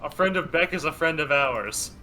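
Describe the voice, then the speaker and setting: A man's voice: a little high, lively intonation, bright, forceful tone, faint music behind, low-quality recording. A man joking around as a player in a tabletop game. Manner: joking, quick quips.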